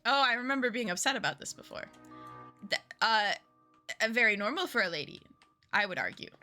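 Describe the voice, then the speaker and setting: A woman's voice: a little high, big pitch swings, a little fast, sharp tone. A woman giving casual, jokey commentary while streaming a game, chatty with rambling asides. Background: game music.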